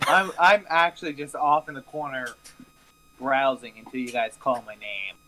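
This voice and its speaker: A man's voice: mid-range voice, moderate pace, pushed and bright, a little hiss or hum, poor audio. A man playing a tabletop game, joking and mocking his own character. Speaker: player.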